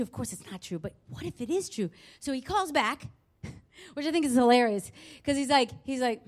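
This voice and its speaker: A woman telling a true story at a live show, expressive and quick to swear and laugh at herself. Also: high-pitched. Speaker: storyteller on stage.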